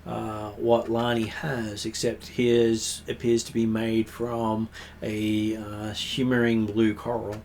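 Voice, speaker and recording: A man's voice: on the low side, completely flat delivery, a little mellow. Man narrating as game master. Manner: descriptive, with frequent "uh" pauses. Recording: faint background noise.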